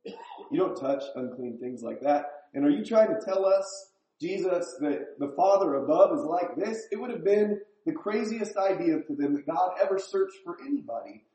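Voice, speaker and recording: A pastor with a high, warm, expressive voice delivers a sermon at a moderate pace, keeping it conversational and asking the congregation questions. The room is echoey.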